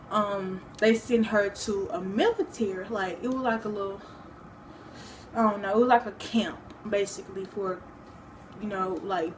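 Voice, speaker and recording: A woman's voice: mid-range voice, slight background noise. A young woman talking casually to her own vlog, rambling with many fillers and restarts. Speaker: vlogger. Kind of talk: casual personal vlog talk.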